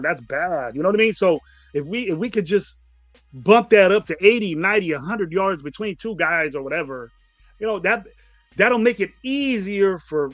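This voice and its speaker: A man co-hosting a casual sports talk show, blunt and animated, with some swearing. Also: sits high, dry recording. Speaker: co-host.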